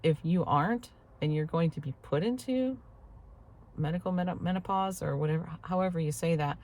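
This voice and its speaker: A woman's voice: fairly low pitch, fairly quick, darkish tone. A post-menopausal woman in her fifties chatting casually to camera, rambling and laughing now and then, recorded on a clip-on mic. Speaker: vlogger. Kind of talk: casual vlog chat. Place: in a parked truck.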